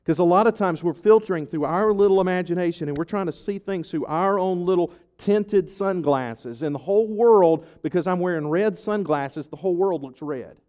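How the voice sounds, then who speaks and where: A man, a pastor, preaching a sermon to his congregation, telling stories and reading scripture in an animated way. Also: sits high, normal speed, hardly any pauses.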